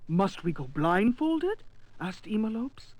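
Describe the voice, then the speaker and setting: Voice actor as a solemn myth narrator, measured, formal, unhurried reading. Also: mid-range voice, sing-song, no room sound, low-quality recording. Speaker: narrator of an in-game book. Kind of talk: scripted storybook narration.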